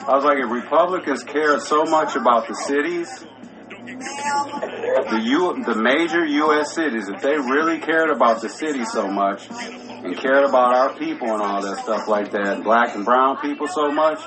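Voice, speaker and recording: A man's voice: medium pitch, moderate pace, crowd noise, poor audio. A man co-hosting a casual podcast, rambling through stories with many restarts and asides, smoking as he talks. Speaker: podcast co-host. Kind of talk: casual chat.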